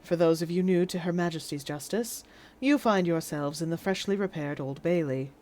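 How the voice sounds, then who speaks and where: A woman's voice: on the low side, moderate pace, warm tone, pitched below the performer's own voice, close to an everyday voice. A woman voicing a stern, pompous courtroom judge in an attempted received pronunciation accent. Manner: stern, formal, commanding.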